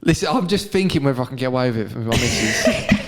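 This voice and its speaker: A man's voice: mid-range voice, animated, fast talker, very noisy. A man hosting a casual comedy podcast, bantering, laughing and swearing freely. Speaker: podcast host. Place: venue after a live show. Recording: loud crowd behind.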